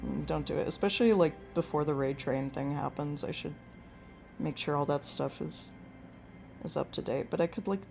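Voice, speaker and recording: A woman's voice: low-pitched, gravelly, darkish tone. A woman hosting a live painting stream, chatting casually and a little whiny, answering her viewers' comments in a rambling, self-deprecating way. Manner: slightly whiny, pleading tone. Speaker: livestream host painting with watercolors.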